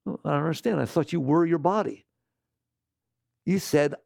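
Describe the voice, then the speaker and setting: A man teaching spiritual ideas to a live audience, rhetorical and animated, constantly asking the listeners questions. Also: on the high side, normal speed, creaky, long pauses, dry recording, clean studio sound. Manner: animated, slips into mocking quoted voices.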